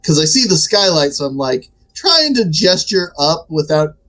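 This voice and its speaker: A man's voice: on the high side, very animated, moderate pace, fairly bright tone. A man playing a tabletop game, joking and rambling casually in character. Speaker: player.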